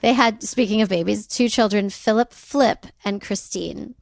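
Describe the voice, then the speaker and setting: Woman, podcast co-host, casual storytelling, slangy asides, gravelly voice, middle pitch. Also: moderate pace, no room sound, studio quality. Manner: chatty, laughing asides, slangy.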